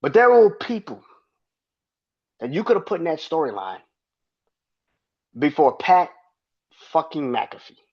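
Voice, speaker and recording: Man, podcast host, fired-up swearing rant, lively swinging pitch, dull lo-fi recording. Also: unhurried, pauses often, husky. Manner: heated, profane, emphatic. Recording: dull lo-fi sound.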